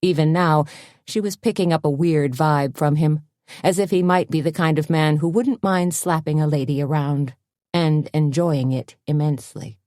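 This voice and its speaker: A woman narrating a cozy mystery audiobook in a steady, plain way. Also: deep voice, moderate pace, no room sound, studio quality. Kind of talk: scripted narration.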